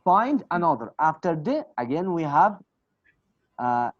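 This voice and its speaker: A man's voice: on the high side, sing-song, a little slow, no room sound. A man with a Kurdish accent teaching English pronunciation in an online class, patiently repeating example phrases. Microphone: video call. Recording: dull, dry video call audio.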